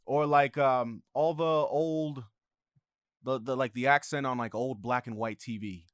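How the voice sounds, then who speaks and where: A man talking as a podcast guest in casual chat, relaxed and hesitant, often trailing off with fillers. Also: mid-range voice, a little slow, smooth, no room sound, studio quality.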